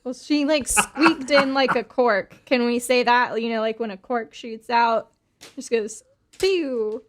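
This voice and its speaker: A woman's voice: on the high side, steady tone, measured pace. A woman playing a tabletop game, speaking casually and with a giggly energy. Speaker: player. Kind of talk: casual in-character play.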